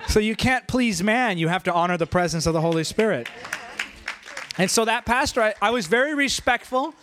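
A young man preaching a sermon, telling stories in an animated, conversational way. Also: sits high, brisk, crowd noise, background noise. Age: young adult. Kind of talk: sermon storytelling.

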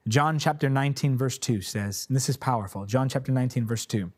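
A man's voice: mid-range voice, animated, fairly quick, few pauses, slightly rough. A man preaching a sermon in a repetitive, declarative cadence, then praying fervently for listeners. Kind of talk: sermon with closing prayer.

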